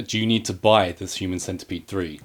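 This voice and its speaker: A man co-hosting a casual film review, retelling scenes in an animated way and acting out the quoted lines. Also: deep voice, a little fast. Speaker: podcast co-host reviewing films.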